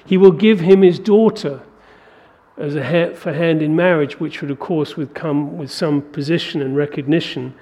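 High-voiced emphatic male preacher. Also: moderate pace. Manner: emphatic, building to forceful peaks. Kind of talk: sermon.

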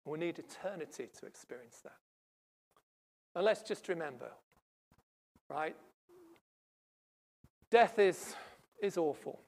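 A preacher delivering a sermon, stressing points loudly and then dropping to hushed asides. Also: medium pitch, expressive, takes it slowly, long pauses. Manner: emphatic, swings from loud stresses to hushed asides. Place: church service.

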